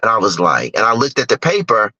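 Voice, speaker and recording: A middle-aged investor, appearing as a guest speaker, tells personal stories candidly and emphatically, acting out other people's lines. His lowish voice swoops wildly in pitch, fairly quick, bright, forceful and husky. The recording is dull, lo-fi and dry with no room sound.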